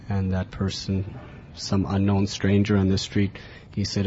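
A man recounts a personal spiritual journey in an earnest, storytelling way, with bursts of liveliness. His voice sits a little low. The recording is dull and lo-fi, with a faint hiss underneath. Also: normal speed. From America. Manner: earnest, animated in tellings, chuckling.

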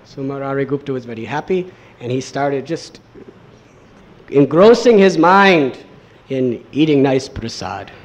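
A man telling a devotional story as a sermon, in an animated manner with many repetitions. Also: medium pitch, measured pace. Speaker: storyteller, preacher.

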